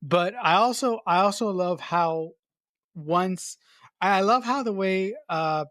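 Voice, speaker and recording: A podcast co-host in casual film discussion, talking haltingly with many repeated words and restarts. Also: medium pitch, a bit bright, dry recording, clean studio sound.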